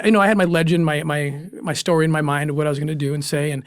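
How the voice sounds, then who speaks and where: In an interview, a former special agent shares a personal story about his past fieldwork, his voice a little higher than most men's and steady in tone. He's earnest and emotional, pausing and restarting as he talks. The sound is dry and close, with no room sound at all.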